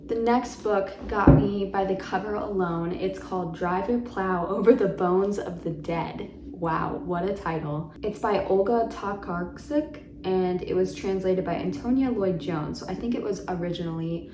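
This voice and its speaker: A book vlogger chats casually about the books she intends to read, rambling a bit and dropping plenty of ums and likes. Her mid-range voice is a little slow with few pauses, recorded in an echoey room with some background noise.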